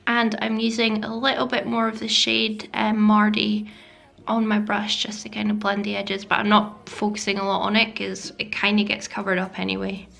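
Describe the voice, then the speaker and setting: Chatty beauty vlogger with a creaky voice. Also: female voice, medium pitch, monotone, moderate pace, a bit bright. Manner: chatty, self-deprecating, drops into whispers. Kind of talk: makeup tutorial voice-over. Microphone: voice-over mic.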